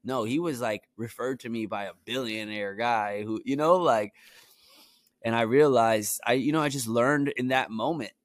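A man's voice: medium pitch, normal speed, dry recording, studio quality. A young man from Brooklyn, New York, telling stories from his own life in a loose, rambling way, with plenty of "you know" and "like" fillers. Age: young adult. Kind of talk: casual storytelling.

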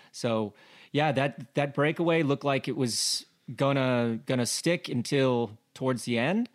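Male podcast co-host, mid-range voice, animated casual race analysis. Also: mid-range voice, moderate pace. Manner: animated, rhetorical questions, many fillers.

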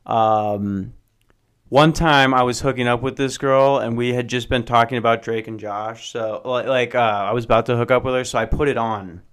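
A man's voice: medium pitch, a bit bright, clean tone. A man hosting a solo podcast, rambling in a casual, profane and sarcastic way and often mocking himself. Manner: self-mocking, jokey.

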